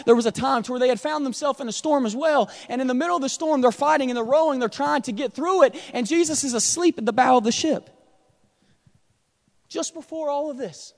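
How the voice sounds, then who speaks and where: A male pastor preaching a sermon in a church sanctuary, swinging from hushed storytelling to loud, shouted exhortation. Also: extremely high pitch. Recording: long hall reverb.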